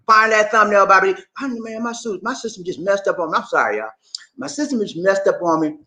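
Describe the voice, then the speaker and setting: A man's voice: sits high, a little fast. A man hosting his own show, talking casually and playfully to his viewers, repeating and rhyming his phrases and asking them to answer back. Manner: animated, playful, call-and-response with viewers. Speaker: show host. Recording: echoey room.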